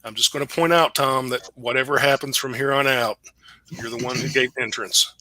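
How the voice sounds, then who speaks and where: Man gm narrating the scene, bright voice, dry close sound, laid back. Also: mid-range voice, moderate pace, no room sound. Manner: relaxed, chuckling narration. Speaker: game master. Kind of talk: narrating a tabletop game.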